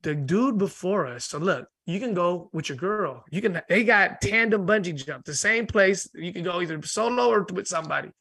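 A man, a podcast guest telling a lively story, laughing often and acting out the people in it. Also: high voice, moderate pace, vocal fry, hardly any pauses, husky. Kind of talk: animated storytelling in conversation.

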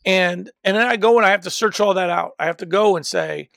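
A man's voice: sits high, fairly quick, vocal fry, fairly bright tone, dry recording, clean studio sound. A man preaching a teaching sermon, emphatic, often repeating and restarting phrases as he works through a point. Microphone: microphone.

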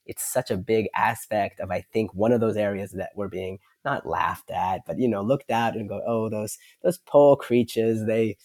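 A man speaking as a podcast guest, talking in a lively, rambling way and often restarting his sentences. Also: on the low side, normal speed, hardly any pauses, no room sound, studio quality. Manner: animated, rambling, self-interrupting. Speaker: podcast guest, company founder. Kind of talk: casual interview chat.

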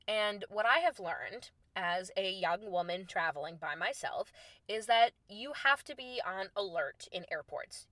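A young woman telling a travel story in a casual, lively way, acting out the lines she quotes. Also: no echo. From United States. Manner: animated, acts out quoted lines with big pitch jumps. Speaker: storyteller host.

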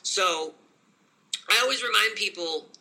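A dog trainer talks about dog training in a casual podcast chat, his gravelly voice at a measured pace on a low-quality recording. He's animated and emphatic, switching into high voices when quoting people.

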